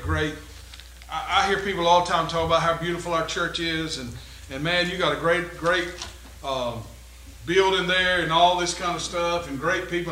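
A man pastor preaching a sermon and leading a closing prayer, dropping to quiet musing and then rising into loud exhortation. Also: on the high side, echoey room, a little hiss or hum, poor audio. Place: church sanctuary.

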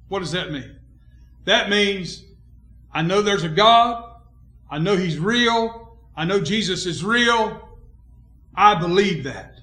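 A man pastor preaching a sermon in a church, emphatic, swinging between quiet and loud, calling out for amens. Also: high-pitched, unhurried, pauses often, reverberant.

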